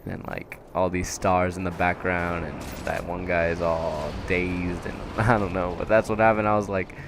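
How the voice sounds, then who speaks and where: A young man working at a fast-food restaurant, telling work stories in a casual rambling way with frequent chuckles. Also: deep voice, level tone, noisy background. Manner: rambling, laughing often, lots of fillers. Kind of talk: casual storytelling vlog.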